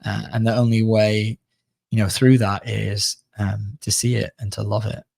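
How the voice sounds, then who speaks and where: A man's voice: on the low side, flat delivery, normal speed, gravelly, darkish tone, husky, no room sound. A man in casual podcast conversation, reflective and searching, with many fillers.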